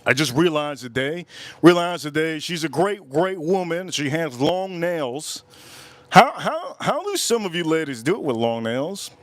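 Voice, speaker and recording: A man's voice: a little high, lively intonation, moderate pace, no echo. Rambling man on a livestream. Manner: rambling, repeats his phrases. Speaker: livestream host. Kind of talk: casual livestream storytelling.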